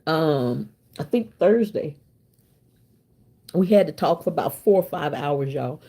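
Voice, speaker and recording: A woman in her fifties with a husky, slightly breathy voice that sits on the low side. She chats casually with her viewers as her channel's host, addressing them directly and laughing often as she goes. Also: expressive, unhurried, mellow. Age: 50s. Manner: chatty, laughs often, talks straight to viewers.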